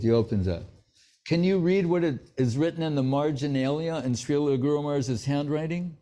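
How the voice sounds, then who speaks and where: A spiritual teacher delivers an anecdotal sermon in a slightly high, slightly quick voice with a dark tone. He tells stories and acts out the dialogue of the people in them.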